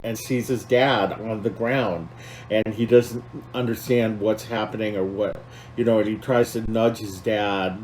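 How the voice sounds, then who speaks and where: A man's voice: on the low side, darkish tone, a little hiss or hum, low-quality recording. A man co-hosting a podcast, talking casually and with feeling, rambling with many fillers and restarts. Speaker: podcast co-host.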